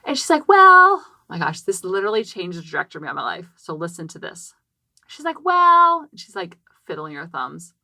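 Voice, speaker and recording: Woman, 30s, podcast host, animated storyteller with crisp bright tone, recorded dead-dry in a closet. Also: on the low side, fairly quick, no room sound. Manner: chatty and animated, acting out quotes, many "like" fillers. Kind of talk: personal storytelling. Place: small closet. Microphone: podcast microphone.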